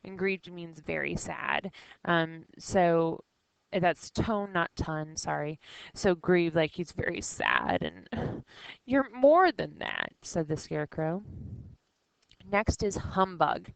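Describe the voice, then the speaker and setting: Low smooth-voiced woman teaching vocabulary. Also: expressive, slow pace, no room sound, poor audio. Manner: casual explaining with fillers, reading quotes aloud. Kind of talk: vocabulary lesson reading from a novel.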